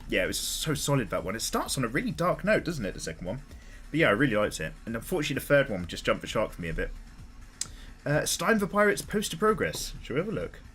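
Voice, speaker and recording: A man in his thirties chats casually while streaming, with a lively voice that swings up and down in pitch. He talks in a loose, sweary, openly emotional way, and soft music plays behind him. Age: 30s. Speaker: artist streaming live. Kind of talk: casual livestream chat.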